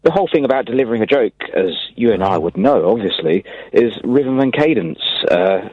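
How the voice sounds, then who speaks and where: A man rings in to a radio phone-in and sets up his jokes in a dry, deadpan way. His voice comes through a thin, tinny phone line with no room sound. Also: on the low side, fairly quick, breathy edge, no echo. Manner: deadpan, leading joke set-ups. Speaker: caller.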